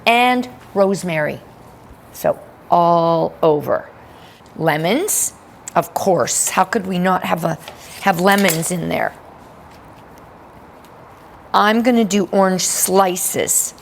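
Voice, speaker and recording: A woman's voice: lowish voice, slow pace, vocal fry, long pauses, slight background noise. A woman giving an upbeat cooking demonstration in a kitchen, chatting with playful asides.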